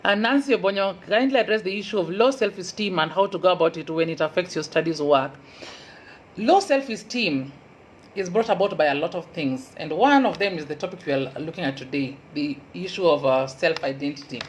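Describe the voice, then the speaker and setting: A woman with a Kenyan Luo accent, a university lecturer giving an earnest motivational talk and repeating key advice slowly for emphasis. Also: on the low side, expressive, a little hiss or hum, poor audio.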